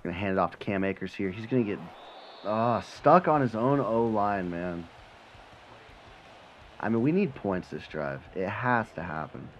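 Gameplay streamer, male, lowish voice, dips to mutters then bursts into loud excitement, dull lo-fi mic. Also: moderate pace, a little hiss or hum. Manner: swings from low mutter to excited yelling, swears when frustrated. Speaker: gaming channel host. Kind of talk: live gameplay commentary.

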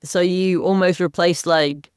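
A man hosting a podcast, asking relaxed questions and reflecting on his own experience. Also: sits high, measured pace, clear, resonant tone, no room sound, studio quality. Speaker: podcast host. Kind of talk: casual podcast interviewing.

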